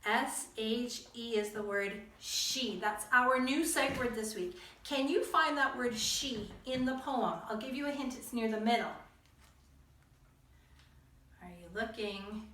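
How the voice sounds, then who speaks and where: A woman's voice: on the high side, fairly bright tone, echoey room, distant mic. A woman teaching young children to read, patient and encouraging, spelling out words letter by letter. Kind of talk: reading lesson for young children.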